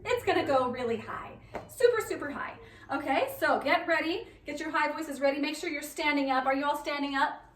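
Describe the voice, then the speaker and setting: A woman's voice: high-pitched, brisk, a bit bright. A woman directing a children's choir rehearsal, upbeat and encouraging as she counts the singers in. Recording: echoey room, mic at a distance, keyboard.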